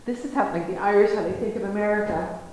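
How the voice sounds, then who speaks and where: Talking fast in a mid-range voice, a woman delivers a storytelling lecture full of acted-out dialogue and easy laughter. Her animated speech rings around a very echoey room over a faint hiss.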